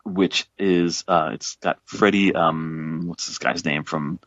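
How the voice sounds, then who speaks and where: A man in his forties with a deep, low voice talks through a casual podcast conversation. He rambles, restarts sentences and leans on fillers. The recording is dry and slightly dull. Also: steady tone, slow pace, fairly bright tone, no room sound. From south Texas. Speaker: guest author.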